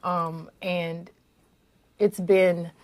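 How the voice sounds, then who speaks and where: A woman speaking earnestly in a sit-down group interview, in a slightly low voice. She talks in a measured way, pausing on fillers as she explains. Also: level tone, slight background noise. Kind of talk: casual interview answers.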